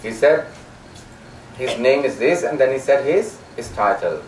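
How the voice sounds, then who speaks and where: A man's voice: medium pitch, lively intonation, measured pace, distant mic, slight background noise. A man giving a religious lecture, telling stories with quoted dialogue and many fillers. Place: lecture hall. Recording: echoey hall, recorded from afar.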